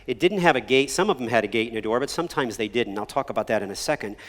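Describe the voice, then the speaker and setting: A pastor giving a conversational sermon, checking in with "right?" and "okay?", sometimes dropping to a hushed near-whisper on key words and acting out the people in his stories. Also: medium pitch, rapid-fire. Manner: conversational preaching with frequent "right?" and "okay?" asides; animated voices when acting out a story. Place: church sanctuary. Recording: long church hall reverb.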